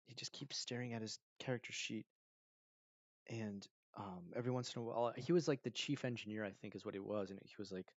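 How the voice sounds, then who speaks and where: A man's voice: mid-range voice, no room sound, highs cut off. A man chatting casually on a live stream, rambling through a story with many fillers and acting out other people's lines. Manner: rambling, animated, many fillers, acts out quotes. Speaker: streamer answering viewer questions.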